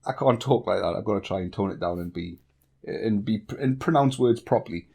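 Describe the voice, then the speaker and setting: A man from northeast England with a softened northeast English accent, answering viewer questions bluntly in a casual vlog. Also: fairly low pitch, fairly quick, gravelly, slightly rough. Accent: northeast English, toned down. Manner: blunt, candid, chatty with swearing. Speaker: YouTube tech tutorial creator.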